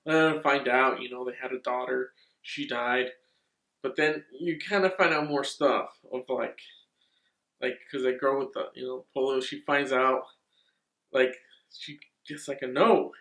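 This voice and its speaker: A man reviewing a horror movie in a rambling, excitable way, swearing freely. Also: medium pitch, measured pace, roomy sound.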